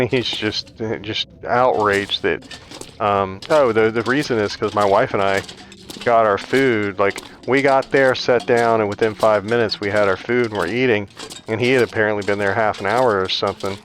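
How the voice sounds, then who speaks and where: A man's voice: on the low side, fairly bright tone, a little hiss or hum. A man hosting a gaming video, telling a rambling, chatty story while he plays, full of "like" fillers. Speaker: gaming channel host. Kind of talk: casual storytelling over gameplay.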